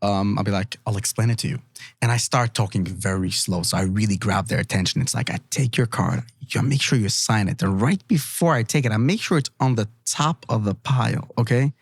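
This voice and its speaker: Magician guy chatting on a podcast, lively storyteller, dry close mic. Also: lowish voice, a little fast, vocal fry, slightly rough, no echo. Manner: animated storyteller, acts out quotes, laughs often. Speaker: magician guest. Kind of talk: casual podcast chat. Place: studio.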